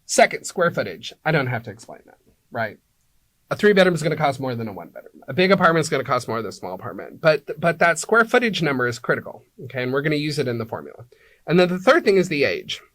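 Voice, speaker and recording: A man's voice: a little high, very animated, fast talker, fairly bright tone, no echo. A man being interviewed as an apartment locator, explaining things like a teacher and checking in with "right?" and "okay?" as he goes.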